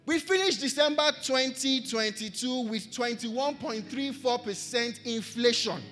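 A man's voice: very high voice, a little slow, sharp tone, faint music behind. A Nigerian man preaching a sermon, earnest, returning again and again to repeated refrains. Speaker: pastor. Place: church.

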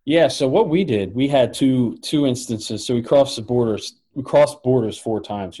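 A middle-aged man co-hosting a podcast, telling a travel story in an animated way and laughing often. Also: medium pitch, normal speed, hardly any pauses. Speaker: podcast co-host. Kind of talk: casual chat.

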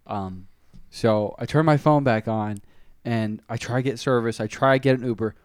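A man's voice: mid-range voice, normal speed, smooth, no echo, studio quality. A man telling a long story in casual podcast chat, rambling and filling it with "like" and restarts. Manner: rambling, full of "like" fillers and restarts.

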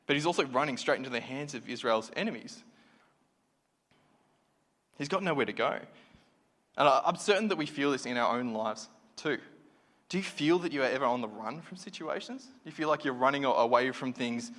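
A man delivers a sermon in a talky, reflective way, often pausing and restarting his sentences. His voice sits at an ordinary middle pitch. It echoes with a long reverb through a church hall. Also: fairly bright tone. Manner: conversational, reflective, with many fillers and restarts. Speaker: preacher.

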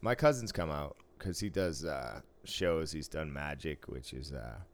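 A man's voice: extremely low pitch, lively intonation, unhurried. A man in his thirties co-hosting a podcast in casual chat, laid-back, swearing freely and laughing often. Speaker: podcast co-host.

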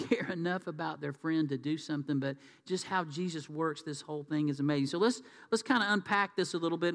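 A man's voice: a little high, fairly bright tone. A man preaching a sermon in a conversational, folksy way. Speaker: pastor. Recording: reverberant hall.

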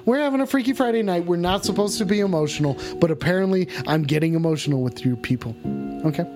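A man with a high voice hosts a comedic livestream, swearing freely and working himself into mock outrage at his viewers. His rants are loud, theatrical and profane. A little music plays faintly beneath him. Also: fast. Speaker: livestream show host.

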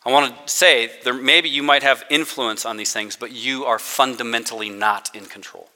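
A man's voice: mid-range voice, fairly even intonation, normal speed, bright, forceful tone. A man giving a casual, self-deprecating sermon to students as their spiritual formation director, mixing in playful sarcasm and acted-out quotes. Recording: long hall reverb.

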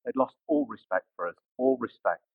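A man's voice: fairly low pitch, moderate pace, vocal fry, dry recording, narrow, tinny audio. A man preaching a sermon, telling a personal story and building to emphatic rises.

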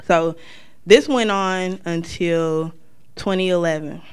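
A woman from North Carolina, sharing a personal testimony as a lively storyteller who acts out the lines of the people in her story. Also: lowish voice, slow, clear, resonant tone.

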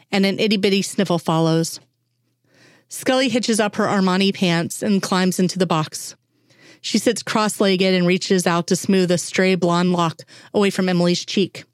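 A woman reading fan fiction aloud in a steady, unhurried way. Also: fairly low pitch, dry recording, clean studio sound. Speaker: reader.

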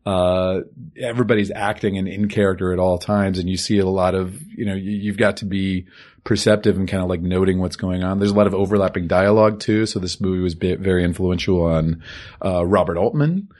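A man co-hosting a podcast, calmly summarizing and explaining an old film in casual talk. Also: low voice, fairly quick. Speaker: podcast co-host.

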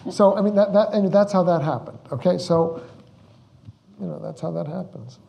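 Rambling, mellow-voiced man telling stories. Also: high-pitched, moderate pace, creaky. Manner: rambling, repeats words, acts out the quotes he tells. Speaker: film director speaking at a Q&A. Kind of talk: anecdotal storytelling at a Q&A.

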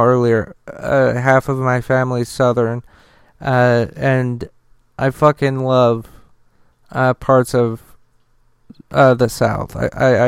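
Halting, profane man reading the news. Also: mid-range voice, creaky, clear, resonant tone, dry recording, clean studio sound. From Utah. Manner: reads news quotes, then breaks into profane outraged asides; halting, with many uh fillers and repeated words. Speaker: podcast host. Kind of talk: casual news commentary.

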